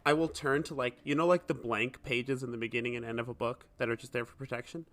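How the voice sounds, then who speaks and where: Man, tabletop player, hesitant casual talk, mid pitch. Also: steady tone, quick pace, a bit bright.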